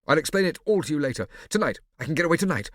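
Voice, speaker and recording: A man plays a secretive rich boy of thirteen, his voice raised high above his own. He sounds defiant yet unsure of his words, recorded close and dry. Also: sing-song, rapid-fire, fairly bright tone, dry recording. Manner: hesitant, stammering then defiant.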